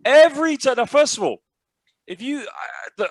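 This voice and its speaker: A man, podcast co-host and basketball commentator, excitable and cutting in often. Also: very high-pitched, moderate pace, slightly rough, no room sound. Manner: excitable, cuts in, swears. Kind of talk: casual chat.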